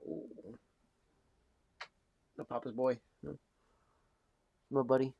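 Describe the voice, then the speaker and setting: Man cooing softly on a live stream. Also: medium pitch, flat delivery, slow pace, gravelly, husky, no echo, lo-fi sound. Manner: coos affectionate baby talk at a pet cat; soft-spoken, drifting between murmurs and bright calls. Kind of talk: casual live-stream chat.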